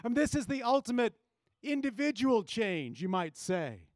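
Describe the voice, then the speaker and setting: A man preaching a sermon as a pastor, reading scripture aloud and acting out the quoted lines with shifting pitch and pace. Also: big pitch swings, a little slow, a little mellow, no room sound, clean studio sound.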